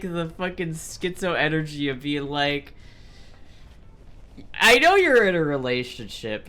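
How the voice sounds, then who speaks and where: A young man livestreaming, chatting casually and reading chat aloud in a loose, profane, animated way. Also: a little high, clear, resonant tone. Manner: loose, profane, animated, with frequent restarts and laughs. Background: faint background music.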